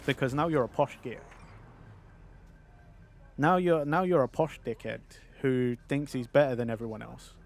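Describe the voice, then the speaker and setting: A man with a London accent talks loosely while he plays, wandering from topic to topic, swearing easily and laughing at himself. His pitch sits in an ordinary middle range. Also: moderate pace, vocal fry, pauses often. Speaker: streamer. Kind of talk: casual chat while gaming.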